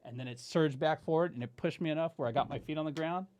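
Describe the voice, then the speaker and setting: A man guest on a podcast, telling a story in a casual, animated way, swearing and saying "dude" often. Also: fairly high pitch, fast, no echo.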